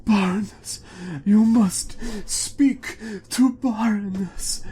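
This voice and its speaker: A man voicing desperate, parched dwarf villagers who plead in frantic, high, begging cries. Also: drawn-out words, mellow. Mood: urgent.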